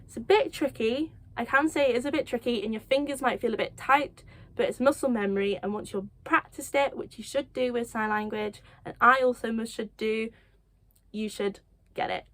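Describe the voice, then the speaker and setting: A young woman teaching children sign language, counting slowly and encouraging them with light self-deprecating laughs. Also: a little high, fairly bright tone. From United Kingdom. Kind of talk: children's lesson, slow counting.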